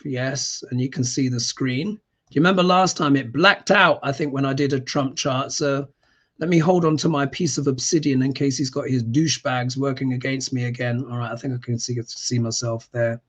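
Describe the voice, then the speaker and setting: A man hosting a casual live stream as an astrologer, talking in an animated, emphatic way and often clearing his throat. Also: mid-range voice, moderate pace.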